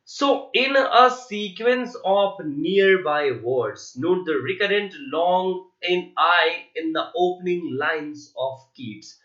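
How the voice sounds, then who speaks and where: A man's voice: high-pitched, slow pace, hardly any pauses, fairly bright tone. A man with an Indian English accent teaching an online literature lesson, spelling words letter by letter and asking his learners rhetorical questions. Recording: echoey room, muffled lo-fi sound.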